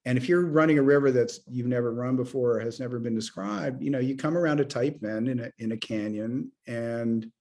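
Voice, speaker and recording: A middle-aged man, an author, chatting about his writing and telling stories with lively acted-out dialogue. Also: medium pitch, fairly quick, few pauses. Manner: animated storyteller who acts out dialogue. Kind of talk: conversational author interview.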